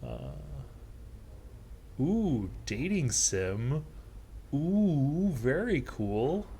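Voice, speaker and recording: A man's voice: medium pitch, wildly swooping pitch, drawn-out words, gravelly, a little hiss or hum. A man reading a game aloud on a livestream, with playful, laughing asides. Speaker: streamer. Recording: loud game music behind.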